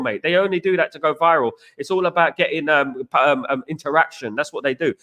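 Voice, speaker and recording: A man's voice: fairly high pitch, sharp tone. A man hosting a live fan stream, greeting chat viewers by name and talking through a match in a loose, chatty way. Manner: chatty, greets viewers by name, frequent "you know what". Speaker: fan channel host.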